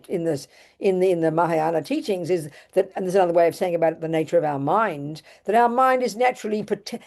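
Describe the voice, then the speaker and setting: An older Australian woman, a Buddhist nun, gives a lively, emphatic dharma talk in a lowish voice, frequently restarting and repeating her phrases.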